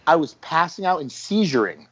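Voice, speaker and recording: A man telling stories in a casual podcast chat, animated and acting out what people said. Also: on the high side, moderate pace, very noisy. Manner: storytelling, animated, acts out quotes. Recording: dull lo-fi podcast audio.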